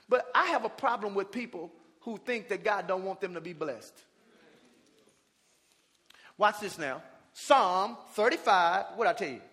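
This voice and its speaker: High-pitched preaching man, shouting. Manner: preaching with call-and-response, drawn-out shouted emphasis. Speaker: pastor. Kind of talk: sermon. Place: church sanctuary with congregation. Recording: reverberant church hall.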